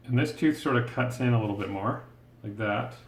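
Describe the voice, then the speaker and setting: A man with a medium-pitched voice speaks briskly while teaching a step-by-step drawing lesson, talking through each stroke as he draws. He's patient and encouraging, thinking aloud, and the recording has a roomy echo.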